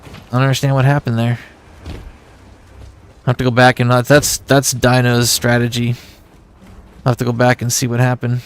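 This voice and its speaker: A man's voice: medium pitch, monotone, normal speed, pauses often, clean tone. Rambling male gaming streamer. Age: adult with a son. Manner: rambling storytelling, chatting with viewers. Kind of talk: casual chat while playing a game.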